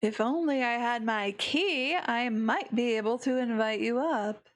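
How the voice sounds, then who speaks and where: A woman's voice: fairly high pitch, measured pace, voice pushed up, close to an everyday voice. A woman voicing an impatient young female traveler, speaking bluntly as she reads a visual novel aloud.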